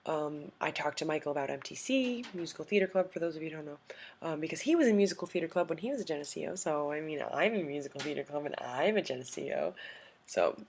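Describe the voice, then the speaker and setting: A young adult woman telling a story in a casual vlog, gushing and excitable, full of "like" and "um". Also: sits low, quick pace, a little hiss or hum. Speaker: vlogger.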